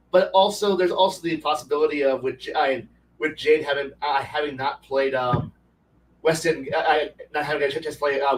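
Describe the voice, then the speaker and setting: A man's voice: medium pitch, far from the mic, rough recording. A man hosting a casual talk stream, rambling with many restarts and swearing, and acting out other people in a raised voice as he tells stories. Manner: animated storyteller, acts out quotes in a raised voice. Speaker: podcast host. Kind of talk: casual ranting chat.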